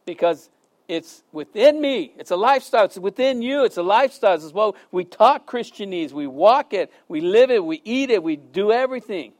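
A middle-aged man preaching a sermon to a congregation, chatty and lively with jokes and asides. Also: sits high, normal speed. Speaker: pastor. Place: church hall before a congregation.

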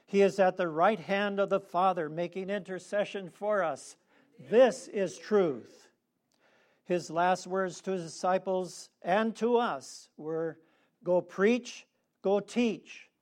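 A man preaching a sermon, leading the congregation in call-and-response with slow, emphatic phrasing. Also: high-pitched.

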